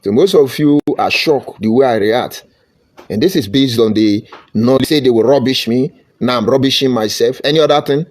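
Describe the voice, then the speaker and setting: A man's voice: mid-range voice, moderate pace, a little mellow. A man from Nigeria with a Nigerian accent, giving fiery online political commentary full of mocking rhetorical questions.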